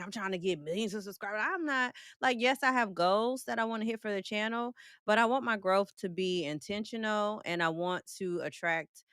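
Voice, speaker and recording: Woman, livestream host, playful slangy chat, smooth tone, mid pitch. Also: fairly bright tone, no echo, clean studio sound. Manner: playful, joking, laughs often, slangy.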